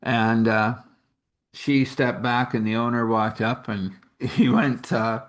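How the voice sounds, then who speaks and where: A man's voice: mid-range voice, steady tone, slow pace, reverberant. A man casually telling a faith story, rambling along and acting out the dialogue of the people in it. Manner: rambling, acts out quoted dialogue.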